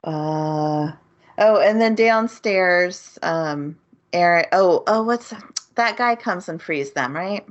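A woman co-hosting a casual podcast, recapping in an unhurried way and laughing often. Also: fairly low pitch. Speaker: podcast co-host. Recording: dull lo-fi sound.

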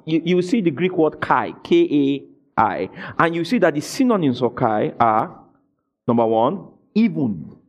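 A man preaching a sermon, asking his congregation questions and rising into shouted emphasis. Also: a little high. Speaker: pastor.

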